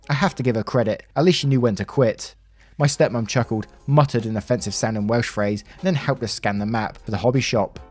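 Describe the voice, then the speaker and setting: A man's voice: mid-range voice, darkish tone. A man reading online stories aloud, in a conversational tone with wry asides. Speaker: story narrator. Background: faint background music.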